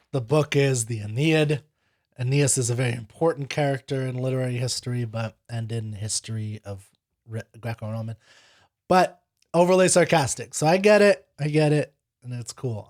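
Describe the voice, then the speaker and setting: A man with an average-pitched voice talks over a video he is reacting to. He explains things in a loose, rambling way. He restarts his sentences and leans on fillers like "you know.". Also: moderate pace, a little mellow. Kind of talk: casual reaction commentary.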